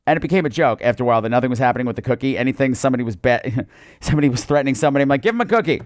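A podcast host giving a heated, profane, sarcastic movie review. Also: male voice, mid-range voice, racing, no echo.

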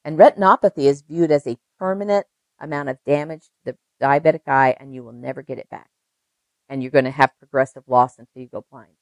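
A woman's voice: a bass voice, fairly even intonation, fairly quick, a little mellow, dry recording, poor audio. An older woman, a registered nurse, telling stories emphatically in an interview and repeating phrases for effect. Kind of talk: conversational interview.

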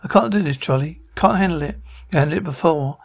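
A haunted police detective, gravelly voice, slightly high pitch, dry sarcasm, TV drama. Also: male voice, quick pace. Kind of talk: TV drama acting.

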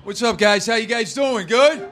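Comic warming up a club crowd, male, a bit high-pitched, profane and teasing, noisy live recording. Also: moderate pace. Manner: loose, profane, teasing the audience. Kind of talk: live stand-up crowd work. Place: comedy club stage.

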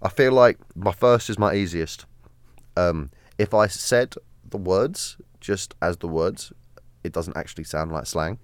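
A man's voice: sits low, unhurried, smooth, no echo. A man with a Southern English accent co-hosting a podcast in casual, playful chat. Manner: playful, laughs often. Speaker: podcast co-host.

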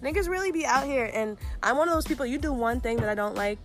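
Animated young woman telling a story. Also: sits high, fast talker, music in the background. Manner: animated, profane, acts out voices in quotes. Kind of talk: casual storytelling chat.

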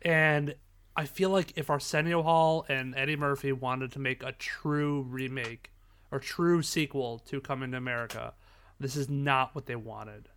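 A man co-hosting a podcast, chatting casually about a movie in halting bursts that repeat words at the start of sentences. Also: medium pitch, steady tone, fairly bright tone, clean tone. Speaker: podcast co-host. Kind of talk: casual movie review chat.

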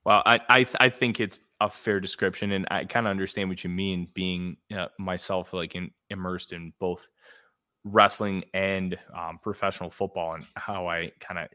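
A podcast host, a man with a lowish voice, who talks earnestly and haltingly. He often stops and restarts his sentences as he sets up a question. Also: little pitch movement, pushed and bright. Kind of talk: casual podcast chat.

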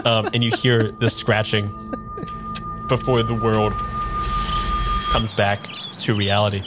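A man's voice: lowish voice, level tone, takes it slowly, pauses often, over music. A man narrating as game master of a tabletop game, in a loose, filler-heavy way.

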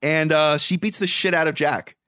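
A man's voice: fairly high pitch, fairly even intonation, fairly bright tone, no echo. Profane man recapping a movie, dry sound. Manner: profane, exasperated storytelling with quick quoted asides. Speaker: podcast co-host.

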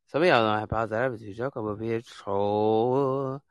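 A man's voice: lowish voice, normal speed, no room sound. A man who hosts a podcast, scolding listeners in a heated, repetitive rant about trolls and bans. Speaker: podcast host. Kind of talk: ranting monologue.

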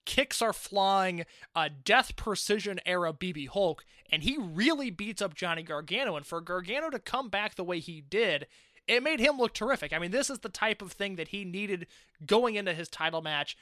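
A man's voice: high-pitched, animated, normal speed, sharp tone, no room sound, studio quality. A man co-hosting a casual wrestling review podcast, opinionated and wry. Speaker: podcast co-host.

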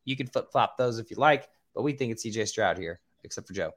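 A man hosting a casual podcast who stumbles over names and swears now and then, with a voice he calls squeaky. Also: animated, fast talker. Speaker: podcast host.

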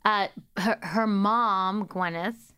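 A woman's voice: medium pitch, takes it slowly, sharp tone, clean tone. Blunt teasing woman podcast co-host. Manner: teasing, blunt, swears freely. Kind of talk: casual chat.

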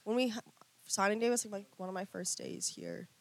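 A woman's voice: mid-range voice, brisk. A young woman from Massachusetts, a production staffer co-hosting, chatting bubbly with lots of "like". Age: young adult. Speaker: production staffer as guest co-host. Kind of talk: casual chat.

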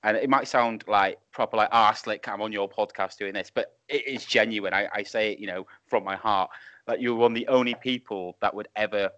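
A man's voice: fairly low pitch, fairly bright tone, no echo. A man, a wrestling referee guest, telling rambling anecdotes with chuckles over a video call. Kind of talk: casual chat. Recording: muffled Skype call audio.

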